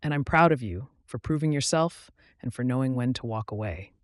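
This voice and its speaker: A man reading the lines of a young woman in love, soft and trembling with emotion in an audiobook. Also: mid-range voice, animated, fairly quick, no echo, studio quality, natural voice. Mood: tender.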